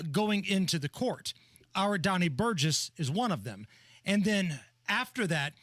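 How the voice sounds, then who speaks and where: A male talk radio co-host with a fairly high voice works through the day's news in careful order. His studio mic sounds dry and close. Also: a bit bright, dry recording. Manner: methodical, reads details in order. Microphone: studio microphone.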